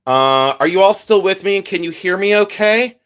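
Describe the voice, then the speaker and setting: Chatty and rambling, a middle-aged jewelry collector runs a casual live-stream chat, frequently thanking viewers, his sinuses audibly congested. His voice sits high with lively intonation and a fairly bright, clean tone, at an ordinary pace.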